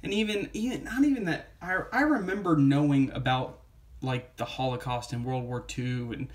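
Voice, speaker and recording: A man's voice: medium pitch, moderate pace. Rambling man reviewing a comic book. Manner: rambling, many fillers, reads quotes aloud. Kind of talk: casual spoken review.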